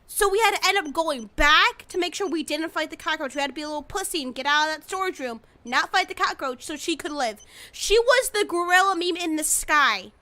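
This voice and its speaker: A woman streaming a game and giving excitable casual commentary, swearing freely and bursting into shrieks. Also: very high voice. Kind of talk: casual let's-play commentary.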